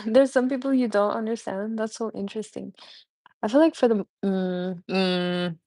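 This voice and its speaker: A woman's voice: medium pitch, normal speed, darkish tone, no echo. A woman hosting a casual live stream chat, rambling with many fillers and laughing often. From United States. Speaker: livestream host.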